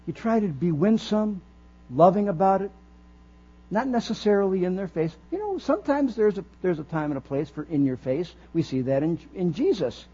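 High-voiced man preaching a sermon. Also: lively intonation, moderate pace, dark tone, husky. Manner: earnest preaching with rising emphatic phrases. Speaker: pastor. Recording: dull lo-fi recording with faint mains hum.

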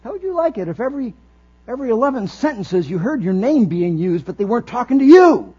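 An extremely high-pitched male voice, sing-song, dark and husky, talks fast as a pastor preaches an earnest, emphatic sermon, building his phrases as he goes. The recording is dull and lo-fi with faint mains hum.

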